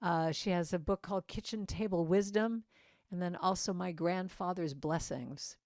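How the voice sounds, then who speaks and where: A woman's voice: fairly low pitch, moderate pace, a little mellow, no echo, studio quality. A woman giving an inspirational talk at a church service, chatty and meandering, with asides to people in the audience. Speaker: guest speaker at a church service. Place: church sanctuary.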